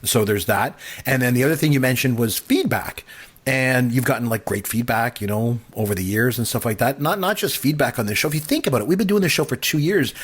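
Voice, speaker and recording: Husky guy hosting a podcast, earnest and reassuring. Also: medium pitch, fairly quick. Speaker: podcast host. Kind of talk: casual podcast chat.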